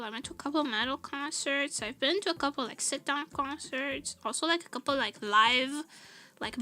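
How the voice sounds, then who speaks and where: A woman's voice: high-pitched, sharp tone. A young woman streamer chatting casually with her viewers, laughing often and swearing loosely. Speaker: VTuber streamer.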